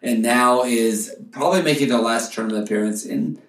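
A man's voice: mid-range voice, a little fast. A man hosting a casual sports chat, laughing often and stumbling over names. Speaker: podcast host. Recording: roomy, distant from the mic.

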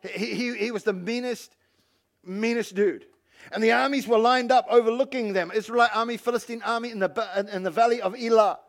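A male pastor giving an animated sermon and calling on the congregation to respond. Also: very high voice, a little fast. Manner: animated preaching, calls on the congregation.

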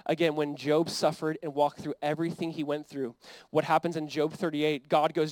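Earnest, high-voiced American pastor preaching. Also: male voice, brisk, no echo, poor audio. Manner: conversational, earnest preaching with acted-out quotes. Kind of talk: sermon.

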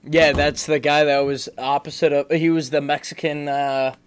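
A young man co-hosting a podcast, joking around and filling pauses with "uh" and "like" in casual chat. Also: fairly high pitch, level tone, slight background noise. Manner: joking, hedging with fillers. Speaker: podcast co-host.

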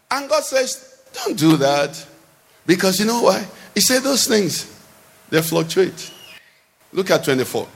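A man preaching a sermon in a church, with animated, sing-song delivery that swings between loud and soft. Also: high voice, measured pace, creaky, long pauses, husky. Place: church hall. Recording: long hall reverb.

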